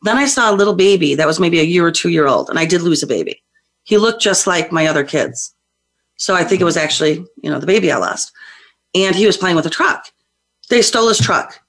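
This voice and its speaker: A woman guest on a call-in show, a psychic medium telling stories in a lively, feisty way. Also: fairly low pitch, fairly quick. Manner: lively, feisty, acts out voices in her stories. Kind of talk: animated storytelling on a call-in show.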